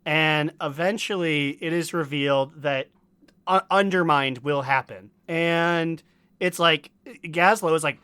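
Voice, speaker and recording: Dry, animated podcast co-host. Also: male voice, a little high, moderate pace, clean tone, no echo. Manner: animated, acts out quoted characters. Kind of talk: casual gaming chat.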